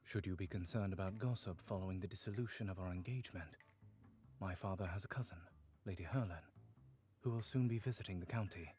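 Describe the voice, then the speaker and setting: A man's voice: deep voice, darkish tone, faint music behind, lightly acted. An actor with a British accent playing a stiff, formal, wealthy young nobleman in a story game. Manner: formal, measured and aloof.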